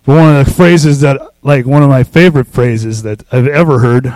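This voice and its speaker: A man preaching a casual sermon, talking loosely with fillers and restarts, and reading scripture slowly and with emphasis. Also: medium pitch, no room sound, low-quality recording. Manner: relaxed, conversational, with fillers and restarts. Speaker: pastor.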